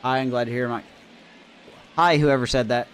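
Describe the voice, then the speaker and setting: There's a faint hiss or hum behind this medium-pitched man, who speaks at a moderate pace. He's animatedly commentating a baseball video game on stream, cheering plays, ranting and talking to chat.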